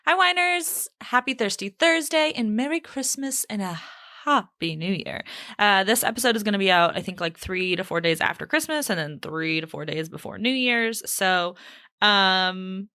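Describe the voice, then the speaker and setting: A young woman chats her way through a solo podcast episode in a small home studio. She is lively and animated, and her voice swoops up high whenever she quotes someone. The close mic sound is dry, with no room echo. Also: moderate pace. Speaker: podcast host. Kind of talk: casual solo podcast chat.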